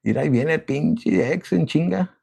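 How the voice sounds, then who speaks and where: A tarot reader with a gravelly, husky voice that sits a little high for a man rambles loosely and briskly through a reading. He swears constantly and gets excited as each card comes up.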